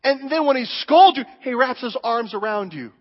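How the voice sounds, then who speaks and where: A male pastor preaching a sermon in a church, telling stories with emphatic, animated delivery. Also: very high voice, moderate pace. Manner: animated, emphatic storytelling with acted quotes. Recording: dull recording with long hall reverb.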